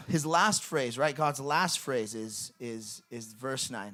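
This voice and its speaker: A man's voice: medium pitch, slow, fairly bright tone. A man preaching a sermon in a church in an earnest, conversational way, with lots of fillers. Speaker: pastor. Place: church sanctuary.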